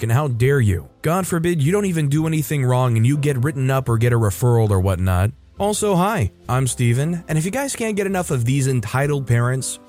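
A man reads online stories aloud at an ordinary pitch, chatting between them with dry little asides. Soft music sits low beneath his voice. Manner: conversational, wry asides between readings. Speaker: host and narrator.

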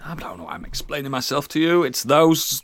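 Lively man, exasperated tabletop player. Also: fairly high pitch, a little fast, no room sound. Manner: exasperated, swearing. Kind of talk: in-character tabletop role-play.

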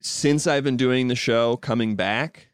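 A man's voice: medium pitch, measured pace, smooth, dry recording, studio quality. A young man, a comedian, talking in a loose, rambling casual conversation full of "like" and restarts. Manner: loose and rambling, heavy use of "like". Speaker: comedian and podcast guest.

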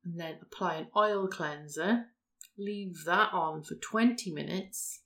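A woman's voice: on the low side, slow pace, sharp tone. A woman, co-hosting a casual podcast chat and explaining a routine step by step. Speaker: podcast co-host.

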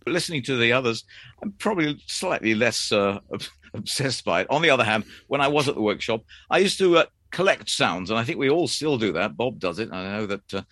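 A man in his eighties, a former announcer, chatting about his past in a measured, hesitant way with frequent fillers. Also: medium pitch, expressive, a bit bright, no room sound, clean studio sound. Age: 80s. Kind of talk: relaxed anecdotal chat.

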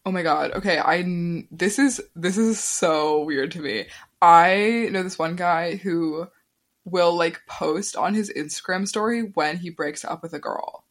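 A woman's voice: fairly low pitch, a little slow. A young adult woman hosting a podcast in casual chat, talking loosely and saying "like" a lot. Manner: chatty, sprinkles "like" through her talk. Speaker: podcast host.

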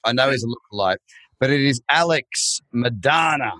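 A man hosting a podcast interview, jokey and animated, with a showman's patter. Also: medium pitch, normal speed, dry recording. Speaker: host.

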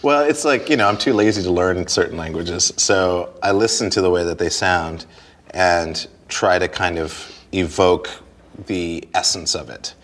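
A man with a very deep, low voice chats loosely in an interview, looping back over his words. He laughs easily and keeps restarting his thoughts as they come to him. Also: a little slow, fairly bright tone. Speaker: guest, stage performer. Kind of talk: casual interview conversation.

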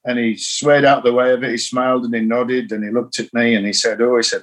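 A man's voice: medium pitch, a little fast. Older man telling a coaching story. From England. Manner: anecdotal, animated, acts out quoted lines. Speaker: cricket coach. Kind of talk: storytelling interview answer.

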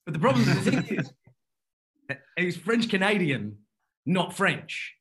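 With a high voice, big pitch swings and a fairly bright tone, a male guest tells a story in casual chat. He rambles, self-interrupts with frequent restarts, and laughs easily.

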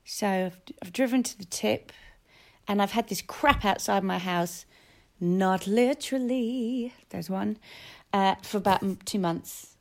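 A woman co-hosting a podcast in casual chat, lively and sweary, laughing often and breaking into song. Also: mid-range voice, takes it slowly, creaky, long pauses. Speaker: podcast co-host.

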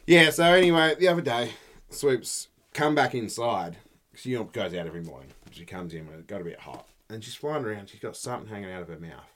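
A man's voice: on the low side, lively intonation, brisk, a bit bright. A middle-aged man, co-hosting a podcast, telling stories in a laid-back, chatty way and swearing freely. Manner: laid-back storytelling, swearing, frequent laughs. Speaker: podcast co-host. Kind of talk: casual chat.

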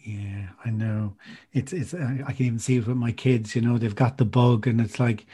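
Husky-voiced relaxed interviewer. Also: mid-range voice, normal speed. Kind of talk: casual interview.

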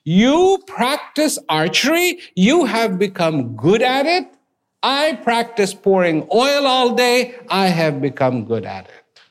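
A humble old oil seller in a spoken folk tale, low and quiet, utterly unruffled, as a male storyteller puts him on. He speaks with slow, plain certainty. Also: huge pitch swings, exaggerated voice. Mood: wise.

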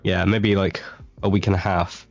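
A man's voice: deep voice, flat delivery, normal speed, gravelly, dull audio, over a noisy crowd. A young man co-hosting a casual chat podcast, telling rambling stories and laughing often. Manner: laid-back, laughs often, rambling storytelling. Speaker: podcast co-host.

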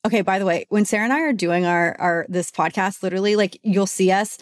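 A woman co-hosts a casual beauty podcast, speaking as a beauty editor. She is chatty and animated. Her voice sits at a middle pitch, recorded dry and close. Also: fast talker, dry recording. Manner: chatty and animated, mimics others with exaggerated voices.

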